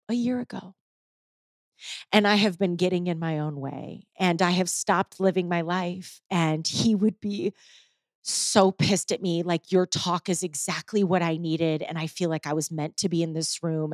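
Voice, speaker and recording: A woman voicing a grieving mother who speaks slowly and quietly from the heart. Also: lowish voice, dry recording, clean studio sound, lightly acted. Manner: hushed, slow, heartfelt. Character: grieving middle-aged mother, quiet and raw.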